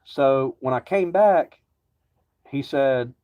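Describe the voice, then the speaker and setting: A man's voice: medium pitch, takes it slowly. A man ranting casually to camera, rambling and agitated, swearing constantly. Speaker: vlogger. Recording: dull lo-fi recording.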